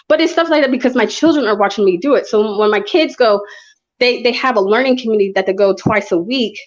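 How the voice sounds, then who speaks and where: A woman's voice: fairly high pitch, fast talker. A woman in her thirties talking passionately in a casual conversation, telling stories with frequent restarts. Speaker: guest speaker. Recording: dull lo-fi audio.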